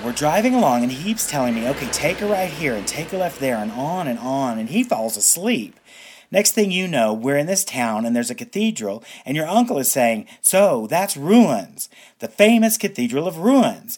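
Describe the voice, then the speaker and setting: A man's voice: mid-range voice, husky. An actor in a radio drama playing a naive young man who rambles through his story in a chatty, storytelling way.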